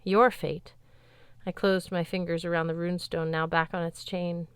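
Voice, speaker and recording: A woman giving a steady, wry first-person audiobook narration in a studio. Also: on the low side, a little fast, clear, resonant tone, no room sound.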